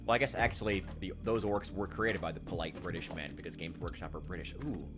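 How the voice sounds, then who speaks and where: A man's voice: low voice, fairly even intonation, fast talker. A man giving casual, rambling commentary to himself while he plays a game. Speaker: gaming channel host. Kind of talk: casual let's-play commentary. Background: lo-fi music playing.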